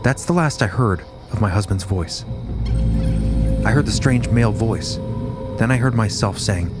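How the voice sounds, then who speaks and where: A man hosting a podcast, dramatically reading a first-hand witness account and getting loud at the quoted screams. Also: lowish voice, moderate pace, long pauses, over loud music. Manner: animated storytelling, rising to shouts at quoted screams. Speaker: podcast host.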